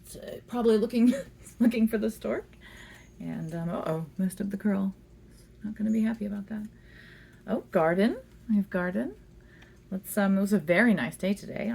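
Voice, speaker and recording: Gravelly-voiced woman reading tarot. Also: fairly low pitch, a little hiss or hum. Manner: chatty and giggly, talks fondly to the cards. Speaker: tarot reader. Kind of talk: casual tarot reading chat. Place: indoors at home.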